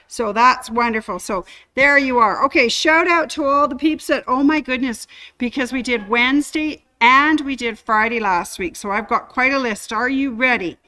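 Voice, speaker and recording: A woman hosting a sewing shop livestream, chatting casually and giving shout-outs to viewers. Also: on the high side, normal speed. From Canada.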